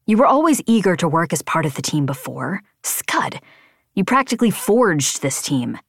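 A woman's voice: on the low side, very animated, moderate pace, husky, no echo, studio quality, heavily acted. A woman voicing a stern young male flight leader who speaks firmly and lectures. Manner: firm, lecturing.

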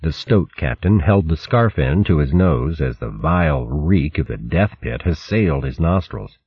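A man narrating a storybook in a measured, dramatic way. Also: a bass voice, expressive, slightly rough, no room sound. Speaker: audiobook narrator. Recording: dull dry audiobook recording.

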